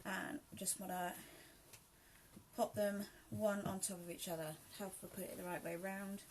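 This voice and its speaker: A woman's voice: medium pitch, little pitch movement, a little slow, slight background noise. A woman from southern England with an accent mixing southern English and South Yorkshire, hosting a live sew-along tutorial and chatting to viewers by name. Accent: southern English mixed with South Yorkshire. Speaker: sewing host.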